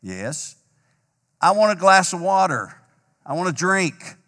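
A man's voice: high voice, sing-song, slow pace, pushed and bright, in a large hall, exaggerated voice. A man voicing a relentless little boy who keeps pleading with his parents at bedtime. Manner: pleading, repetitive.

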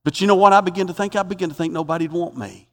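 A man preaching a sermon as a pastor, emphatic and repetitive, swinging from loud exhortation to quiet reflection. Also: high voice, steady tone, rapid-fire, big-room sound. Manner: repeats phrases for emphasis.

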